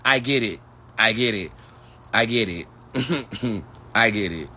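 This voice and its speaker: A man's voice: on the low side, animated, slow, bright, forceful tone, husky. A man who reads tarot, chatting with viewers in a sassy, profane, rambling way. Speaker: tarot reader. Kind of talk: casual livestream chat with viewers.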